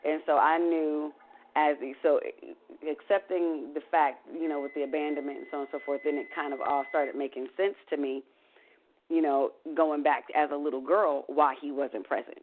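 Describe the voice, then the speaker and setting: A woman's voice: low voice, steady tone, moderate pace. Woman telling a painful story over tinny phone-like sound. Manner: emotional, candid, swears casually, trails off in fillers. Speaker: interview guest. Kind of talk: candid personal storytelling.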